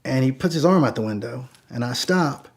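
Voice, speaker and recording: A man's voice: mid-range voice, fairly quick, creaky. A man telling a true story in a casual way, acting out the dialogue and saying "like" often. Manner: animated, acts out each line of dialogue, many "like" fillers. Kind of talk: casual spoken anecdote.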